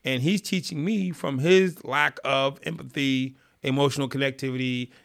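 A man's voice: mid-range voice, fairly even intonation, moderate pace, creaky, fairly bright tone. A man guest in a casual interview, telling vivid stories and acting out quotes. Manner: vivid storyteller, acts out quotes. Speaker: guest, former prisoner.

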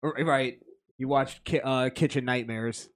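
A man's voice: medium pitch, fairly even intonation, unhurried, a bit bright. Blunt, profane podcast co-host man. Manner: blunt, profane, reads news quotes aloud. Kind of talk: casual podcast banter.

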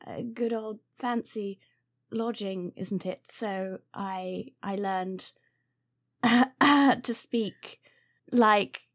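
A woman's voice: medium pitch, extremely slow. A woman voicing a bird sister faking a posh lady, prim and over-polite.

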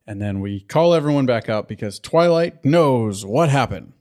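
A man's voice: mid-range voice, lively intonation, normal speed, darkish tone. Laid-back swearing podcast man. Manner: profane, laughing often. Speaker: podcast co-host. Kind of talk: casual chat.

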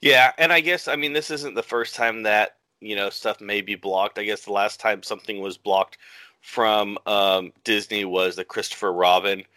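Male podcast co-host, low and bright, hesitant chat, dry sound. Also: fairly even intonation, normal speed, dry recording. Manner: rambling, hesitant, with many fillers. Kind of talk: casual chat.

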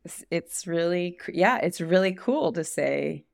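A woman's voice: lowish voice, lively intonation, a little slow, gravelly, no echo, clean studio sound. A woman entrepreneur co-hosting a podcast, chatting casually in an earnest, gushing way. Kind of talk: casual chat.

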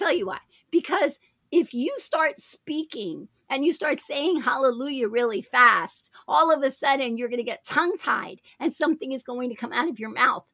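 A woman's voice: sits high, animated, moderate pace, fairly bright tone, no echo. A woman hosting a Christian talk show, speaking in an emphatic, preacherly way and repeating her phrases. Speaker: show host.

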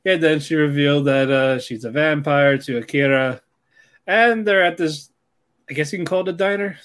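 A man's voice: on the high side, normal speed, a bit bright, smooth. A man co-hosting an anime podcast, bantering in slangy casual talk, laughing often and mimicking characters. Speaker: podcast co-host. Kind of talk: casual anime recap chat.

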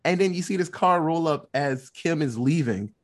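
A man in casual chat retelling a movie plot, animated and loose, swearing freely. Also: fairly high pitch. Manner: animated, swearing, quick asides.

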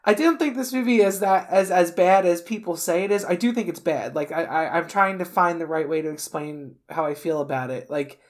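Low-pitched woman giving frank opinions. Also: fairly quick, few pauses. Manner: frank, searching for words. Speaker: podcast co-host. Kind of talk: casual movie discussion.

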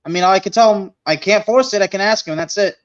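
A man joking around on a football podcast, stumbling and restarting his sentences as he talks. His voice is fairly high. The audio is muffled and lo-fi. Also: fast talker. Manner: stammering, joking banter. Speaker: podcast co-host. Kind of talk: casual sports chat. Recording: dull lo-fi audio.

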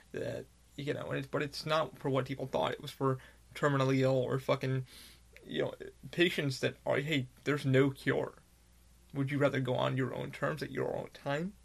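A man's voice: mid-range voice, creaky, fairly bright tone. A man hosting his own podcast, talking in a candid, rambling monologue with heavy swearing. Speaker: podcast host. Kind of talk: casual monologue.

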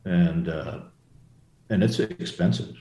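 A man's voice: sits low, slow, warm tone. An older man, a former Marine aviator, telling stories in a casual interview, rambling with many restarts and asides. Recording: roomy echo.

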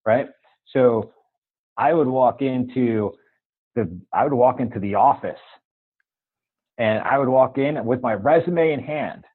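A man telling a personal story as a guest in a casual interview, animated and laughing now and then, through a tinny phone-like sound. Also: mid-range voice, measured pace, pauses often, slightly rough.

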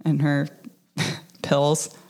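A woman's voice: sits low, completely flat delivery, drawn-out words, darkish tone. A woman co-hosting a podcast, chatting casually about a movie as she watches it and acting out characters' lines. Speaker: podcast co-host.

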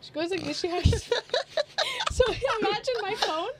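Brief: female podcast host, high bright voice, expressive storyteller, noticeable room noise. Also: moderate pace. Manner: laughing, expressive storyteller, swears freely. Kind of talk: casual podcast chat.

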